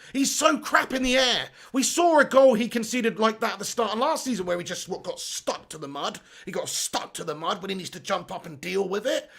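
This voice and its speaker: Bloke ranting through a live footy stream, high-ish voice with some rasp to it. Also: male voice, fairly quick, hardly any pauses, a bit bright. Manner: exasperated, swears casually, rants at own team. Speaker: football watch-along host. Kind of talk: live match commentary and chat reading. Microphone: phone.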